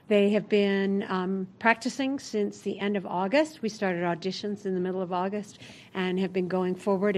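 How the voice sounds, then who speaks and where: A woman, a school drama club director, chatting cheerfully in a local TV morning interview and laughing often. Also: medium pitch. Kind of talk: casual TV interview.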